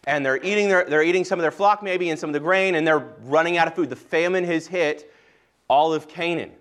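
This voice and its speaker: A male pastor reading scripture aloud and then preaching in a measured, earnest way, with occasional restarts. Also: on the high side, a bit bright.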